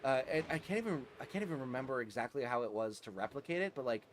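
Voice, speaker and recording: A young man with a New Jersey accent rambles casually while streaming a game. His voice sits at an ordinary mid pitch, and he laughs a lot, circling back over his words and filling gaps with ums and likes. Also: lively intonation, quick pace, slight background noise. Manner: rambling, chuckling, many fillers and restarts. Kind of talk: casual live-stream chat while gaming.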